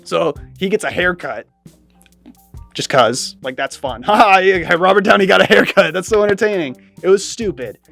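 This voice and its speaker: A woman chatting sarcastically as a movie reviewer, animated and mocking, with light music behind. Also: on the low side, moderate pace, vocal fry. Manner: sarcastic, animated, mimics lines in exaggerated voices. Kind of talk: casual review chat.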